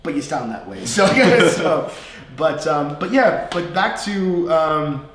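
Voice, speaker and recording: A man with a New York accent teaching a relaxed live English lesson, chatty and animated, often mimicking regional accents. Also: fairly high pitch, takes it slowly. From USA. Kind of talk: live-streamed casual lesson. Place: language school classroom. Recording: very echoey room, faint noise.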